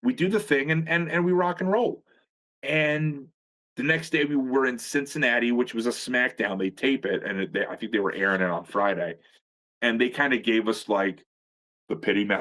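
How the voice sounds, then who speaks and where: A man's voice: medium pitch, normal speed, fairly bright tone. A middle-aged man, a veteran pro wrestler, telling stories in a casual chat with a profane, rambling, sarcastic manner. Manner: profane, rambling storyteller with frequent restarts; sarcastic humor.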